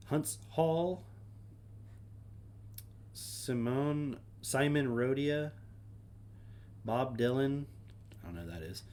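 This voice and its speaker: A man's voice: medium pitch, expressive, slow, pauses often, darkish tone. A man chatting casually on his own stream, with a mid-range voice. He reads through a list in a wry, offhand way and mutters dry asides under his breath. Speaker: streamer host. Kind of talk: casual solo chat, reading names aloud.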